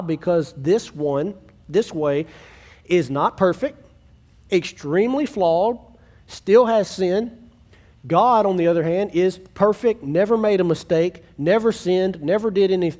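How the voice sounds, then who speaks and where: A man's voice: sits high, darkish tone. A man who is a pastor, preaching a sermon in an earnest, conversational way, with restarts, and acting out quoted family dialogue.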